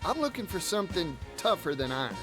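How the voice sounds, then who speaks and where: An actor voicing a cheerful, folksy traveling merchant with a Southern American accent in a video game. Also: male voice, fairly high pitch, sing-song, fast talker, music in the background. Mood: upbeat. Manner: folksy, eager and friendly. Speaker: game character.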